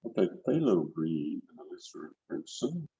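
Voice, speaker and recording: Very animated at a normal speed, an older man demonstrates painting over a video call from his indoor studio, talking loosely and repeating words. His low voice shows vocal fry and is mellow with a breathy edge. The call mic sounds muffled, without room sound.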